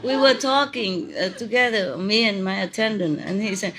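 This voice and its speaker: A woman's voice: a little high, normal speed, hardly any pauses, background noise. A middle-aged woman giving an informal spiritual talk, chatty and laughing often as she tells stories in simple non-native English. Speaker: spiritual teacher.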